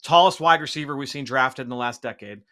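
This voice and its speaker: A man's voice: mid-range voice, fast talker, sharp tone. A man analyzing a football draft pick live on a sports show, walking through measurements and workout details. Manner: detailed, stat-heavy breakdown.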